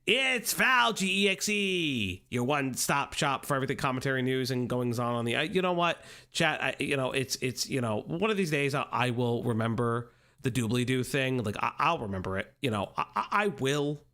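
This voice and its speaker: A man's voice: mid-range voice, lively intonation, normal speed, few pauses, pushed and bright. A man hosting a casual livestream from home on a desk microphone, greeting chat in a playful sing-song way and rambling in asides. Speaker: livestream commentary host. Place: home streaming room.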